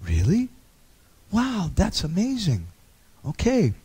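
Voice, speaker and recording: A man voicing a humble, gentle devout woman who speaks softly. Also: high voice, huge pitch swings, slow, breathy edge, dry recording, voice pushed up, exaggerated voice. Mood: amazed.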